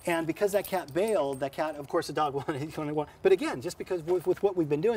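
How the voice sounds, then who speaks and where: A man's voice: fairly high pitch, lively intonation, fast, hardly any pauses, darkish tone, a little hiss or hum. A man hosting a dog training show, explaining methods in an upbeat, chatty way with many fillers and restarts. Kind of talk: instructional TV show.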